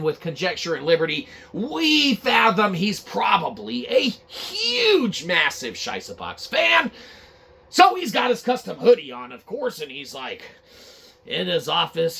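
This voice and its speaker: A male gaming news host with a gravelly, husky voice, rambling and swearing through his jokes. His pitch jumps all over the place, and the tone is bright and edgy. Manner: profane, rambling, joking. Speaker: podcast host. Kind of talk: comedic gaming news chat.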